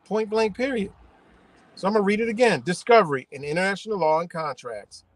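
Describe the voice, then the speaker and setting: A man's voice: high-pitched, fairly quick, no echo. A man, ranting profanely and rambling through a casual livestream while he drives his car. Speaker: livestream host.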